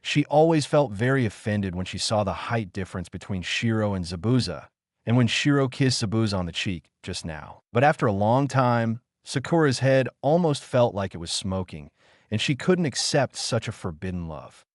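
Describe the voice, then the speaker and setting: A man narrating a translated web novel audiobook in an animated storytelling manner. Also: on the low side, moderate pace, no room sound, studio quality.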